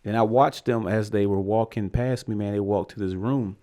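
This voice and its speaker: This young man from Virginia speaks in a fairly low voice at a moderate pace as a podcast co-host. He's an animated storyteller, voicing the characters in his story during casual chat.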